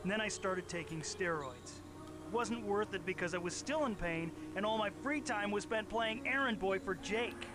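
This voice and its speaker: Guy voicing a young football jock in a game, high voice, blunt, game music under it. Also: normal speed, lightly acted. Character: young male high school football player.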